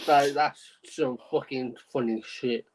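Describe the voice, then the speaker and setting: A man co-hosting a podcast, reading out a news story in a halting, amused way and restarting his sentences. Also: medium pitch, steady tone, darkish tone, rough recording. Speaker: podcast co-host.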